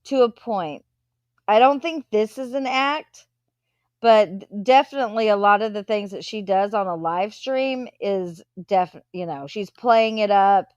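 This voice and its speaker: A woman's voice: medium pitch, a little mellow, dry recording, muffled recording. A woman hosting a live stream, chatting casually as she reads viewer comments aloud and answers them.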